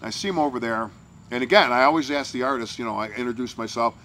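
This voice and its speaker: A man who works as a morning radio DJ, telling an animated backstage story and acting out the people in it. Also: medium pitch, fast, slight background noise. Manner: animated storyteller, acts out quotes.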